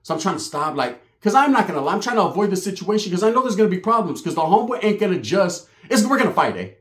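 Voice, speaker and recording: A man telling a profane, animated street story on his channel, slipping into voices for the people he quotes. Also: sits high, fast. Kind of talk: casual storytelling vlog. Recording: roomy echo.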